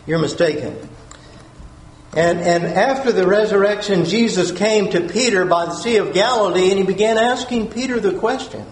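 A man's voice: sits high, normal speed, few pauses. A man preaching a sermon, earnest, repeating key phrases and asking his listeners questions. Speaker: pastor. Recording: roomy echo.

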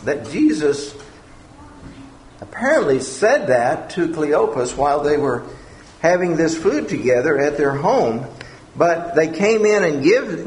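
A man giving a conversational Bible teaching, retelling scripture with lively emphasis. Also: fairly high pitch, a little hiss or hum. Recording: echoey room.

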